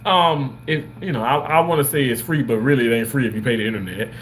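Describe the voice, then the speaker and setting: A man's voice: mid-range voice, quick pace, slight background noise. A man hosting a casual livestream from a hotel room, reading viewer comments aloud and thanking people over and over in emotional, gushing, religious phrasing.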